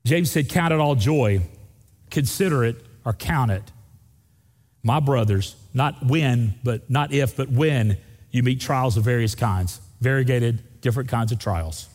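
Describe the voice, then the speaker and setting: A man preaching a sermon as pastor, asking the congregation questions and jumping high in pitch for emphasis. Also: measured pace, darkish tone. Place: church sanctuary. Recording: long hall reverb of a church.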